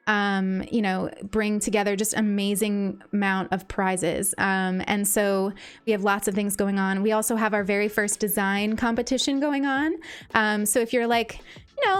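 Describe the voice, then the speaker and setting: A woman's voice: mid-range voice, clear, resonant tone. A woman streamer chatting casually to her viewers, gushing and grateful, with many ums and restarts. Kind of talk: casual live-stream chat.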